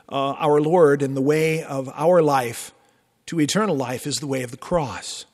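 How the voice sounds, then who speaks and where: A male pastor delivers a sermon in a church, his voice sitting a little higher than most men's. He preaches expressively, with sudden emphatic lifts and casual asides to the congregation. A long reverb hangs on every phrase. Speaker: Lutheran pastor. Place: church sanctuary.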